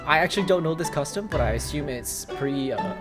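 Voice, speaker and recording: A man's voice: a little high, expressive, fast talker. A man giving casual, joking commentary while playing a game, with laughing asides. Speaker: let's play host. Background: game music.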